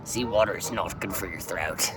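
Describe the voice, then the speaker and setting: A man's voice: low voice, background noise. A man hosting a comedy show in character as a pirate, rambling through rants and calling everyone "matey". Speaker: podcast host. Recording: voice a bit distant from the mic.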